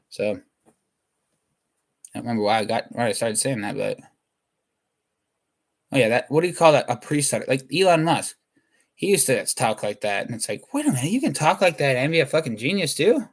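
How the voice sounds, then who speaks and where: A man doing a rambling comedic monologue, cutting himself off and restarting thoughts mid-sentence. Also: mid-range voice.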